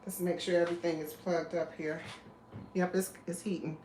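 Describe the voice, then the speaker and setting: A woman's voice: lowish voice, little pitch movement, moderate pace. A chatty woman hosts a live cooking show from her kitchen. She rambles between chopping and greeting viewers. Her voice bounces around an echoey room with a faint hum of noise behind it. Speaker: cooking livestream host. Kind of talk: casual live cooking chat. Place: home kitchen.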